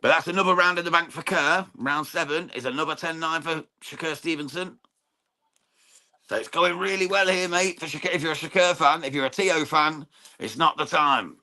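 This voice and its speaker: Bright-voiced English lad commentating live. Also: male voice, a little high, moderate pace. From England. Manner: chatty, informal, swears freely, says mate often, thanks viewers. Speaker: watchalong stream host. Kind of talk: live boxing watchalong commentary and chat with viewers.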